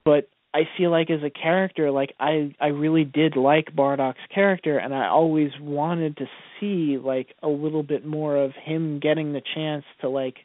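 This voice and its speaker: A man's voice: on the high side, steady tone, moderate pace, few pauses, no echo. A man co-hosting a radio show, talking casually with many fillers and restarts. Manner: hesitant, lots of fillers and restarts. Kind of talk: casual live radio chat. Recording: tinny phone-like sound, dry.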